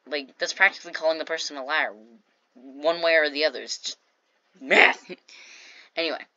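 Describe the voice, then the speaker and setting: A woman's voice: deep voice, fairly even intonation, normal speed, pushed and bright, dry recording, lo-fi sound. A woman casually telling a storytime vlog, chatty and jokey, acting out what people said. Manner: chatty, jokey asides, acts out quoted lines. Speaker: storytime vlogger.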